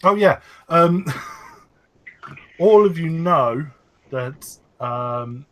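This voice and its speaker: A man's voice: fairly high pitch, lively intonation, extremely slow, a bit bright. A British man co-hosting a podcast, talking in a loose, rambling way full of ums. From United Kingdom. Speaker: podcast co-host. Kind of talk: casual chat.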